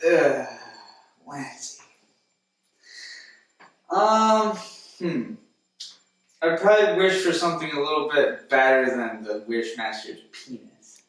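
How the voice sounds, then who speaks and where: A man's voice: on the high side, slow, long pauses, a bit bright. A young man hosting a casual comedic film review, talking in a loose, rambling way with many fillers. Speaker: host. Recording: very echoey room, distant mic.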